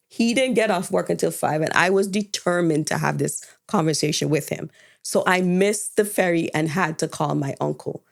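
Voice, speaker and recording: A woman with a lowish voice and some vocal fry co-hosts a podcast, candidly retelling a personal story and acting out the dialogue.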